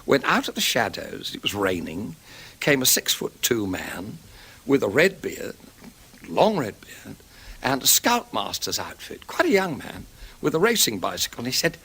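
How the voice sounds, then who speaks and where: An older man telling an animated anecdote and acting out other people's voices as an interviewee. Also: mid-range voice, moderate pace, gravelly, slightly rough.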